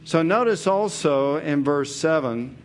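A man's voice: fairly high pitch, expressive, measured pace, a little hiss or hum. A man teaching verse by verse through a psalm in an earnest, emphatic way, repeating key phrases. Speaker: preacher. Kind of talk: expository Bible teaching.

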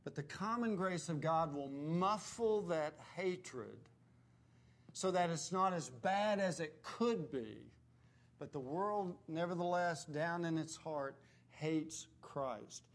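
A male preacher delivering a sermon at a slow, deliberate pace. His voice sits a little high, and he drops it low and quiet on the words he stresses. He clears his throat often between phrases. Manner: emphatic, dropping low and quiet on key words.

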